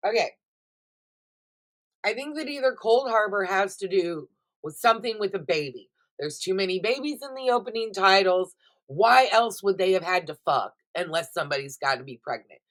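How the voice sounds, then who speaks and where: A middle-aged woman vlogger, chatting casually and expressively to her viewers about what she has been watching, swearing freely as she goes. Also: medium pitch. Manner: chatty, expressive and profane, addresses viewers directly. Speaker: vlogger reviewing TV shows. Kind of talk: casual chatty recap vlog.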